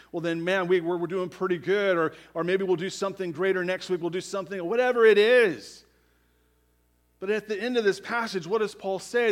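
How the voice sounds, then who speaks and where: A man preaching a sermon as pastor, emphatic, tossing in "right?" asides and swinging from loud declarations to near-quiet. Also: on the high side.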